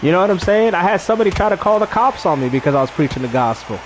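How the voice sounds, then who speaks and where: A man's voice: high voice, animated, racing, noisy background. A man streaming a game while talking casually to his chat, preachy and emphatic. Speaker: gaming streamer. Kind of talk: casual livestream talk.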